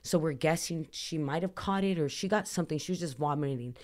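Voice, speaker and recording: A woman's voice: low voice, fairly quick. A woman from Southern California, a podcast guest telling a personal story in a rambling, earnest way, full of "like" fillers. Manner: rambling, heavy use of "like"; earnest, emotional retelling.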